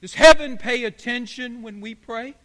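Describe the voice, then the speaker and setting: High, bright-voiced preaching man. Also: normal speed, big-room sound. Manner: emphatic preaching with repeated parallel phrases. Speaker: pastor. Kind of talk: sermon.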